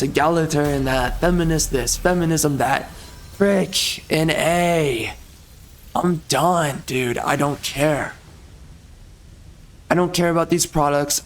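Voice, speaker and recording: A man ranting as he commentates over gameplay, exasperated and heated, repeating himself and swapping in mild stand-ins for curses. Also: a little high.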